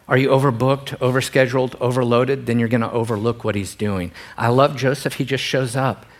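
A middle-aged man preaching a sermon in an animated, joking way, moving from quiet emphasis to loud bursts. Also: medium pitch, fairly quick. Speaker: pastor.

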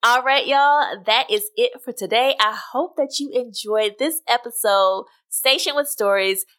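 A woman podcast host reading her own story aloud, with an expressive, animated delivery. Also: fairly high pitch, unhurried. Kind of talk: scripted story narration.

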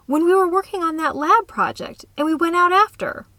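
A woman voicing a friendly, eager young female college student, her lines brighter and higher than the narration. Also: normal speed, no room sound.

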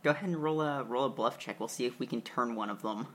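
A man narrating as game master, relaxed and hesitant with fillers. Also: medium pitch, quick pace, noisy background.

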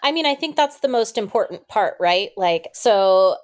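A chatty woman appears as a podcast guest, speaking as a disability advocate in a relaxed interview. She talks casually and fills her sentences with little fillers. Her pitch is plain and middling for a woman. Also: normal speed. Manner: chatty, uses many fillers like "like" and "you know".

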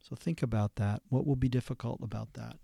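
A man, a therapist hosting a podcast, giving an instructional talk in a measured, halting way with fillers and restarts. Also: medium pitch, fairly even intonation, gravelly, mellow, no echo, clean studio sound.

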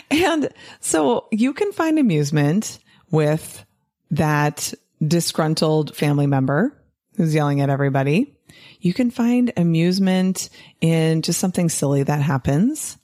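A woman speaks in a lively, casual monologue, her pitch swinging widely as she makes her points. She keeps checking in with listeners on a rhetorical "right?" and laughs easily. She sounds like someone coaching fellow doctors. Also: a little slow. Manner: animated, often tags "right?" and laughs. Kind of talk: casual podcast-style monologue.

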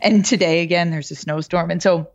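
Low gravelly woman guest, bit raspy today, rambly, kinda dull lo-fi audio. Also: fairly even intonation, brisk. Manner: rambling, with many restarts. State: a little raspy. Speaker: podcast guest. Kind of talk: casual conversation.

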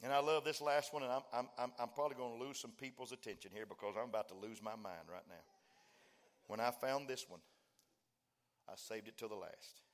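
A man with a medium-pitched voice preaches a little fast, trading folksy jokes with the congregation before launching into mounting, fervent declarations. Along the way he acts out dialogue and climbs to fervent shouting.

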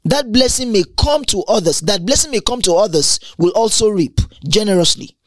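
Animated woman teaching from the Bible. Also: mid-range voice, moderate pace, no room sound. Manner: animated, exclamatory, stumbles and repeats words.

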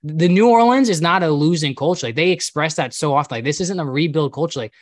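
A man's voice: on the high side, fast talker, no room sound, clean studio sound. A man co-hosting a casual sports podcast, venting as a frustrated fan with lots of fillers. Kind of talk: casual chat.

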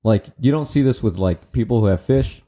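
A man's voice: mid-range voice, a little fast, warm tone. A man co-hosting a casual comedic chat, hesitant, repeating words and laughing often. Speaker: podcast co-host.

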